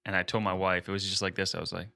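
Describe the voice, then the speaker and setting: Low-pitched man retelling a story. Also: rapid-fire, creaky, no echo, clean studio sound. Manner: animated retelling, acting out quoted dialogue. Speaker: podcast co-host. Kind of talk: casual storytelling chat.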